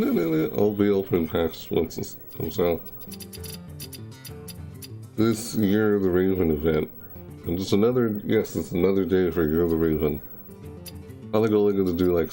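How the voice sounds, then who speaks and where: A man's voice: low-pitched, mellow. A young man chatting casually during a live game stream, rambling and repeating and correcting himself. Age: young adult. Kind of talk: casual live-stream chat over gameplay.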